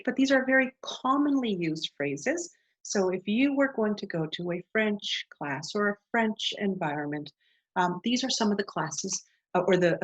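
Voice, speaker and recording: A woman's voice: mid-range voice, slightly rough. A woman teaching a beginner language lesson, patiently modeling phrases and asking the listener to repeat them. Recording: dull lo-fi sound.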